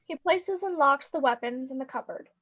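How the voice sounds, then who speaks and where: A woman narrator reading stage directions in a brisk, wry way. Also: high voice, a bit bright, muffled recording.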